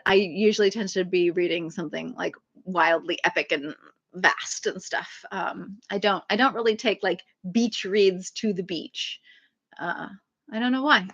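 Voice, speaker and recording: A woman's voice: medium pitch, fairly bright tone. Chatty woman livestreaming, lo-fi. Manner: chatty, rambling, frequent fillers and laughs. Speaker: author hosting a livestream. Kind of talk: casual livestream chat.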